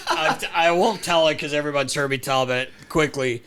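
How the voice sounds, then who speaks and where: Man, podcast host, casual studio chat; loose, profane, quick to laugh, acts out quotes. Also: on the high side, a bit bright, a little hiss or hum. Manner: swearing, laughing storyteller doing quoted voices.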